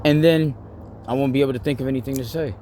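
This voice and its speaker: A young man, rambling casually to camera, full of "like" and quick to laugh. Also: mid-range voice, mellow, a little hiss or hum. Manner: rambling, heavy use of "like", laughs easily. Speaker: vlogger.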